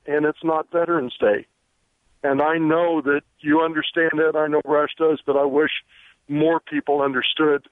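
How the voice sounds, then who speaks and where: Caller guy on a tinny phone line, flat steady voice, grieving, earnest. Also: a little high, dry recording. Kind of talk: phone-in call.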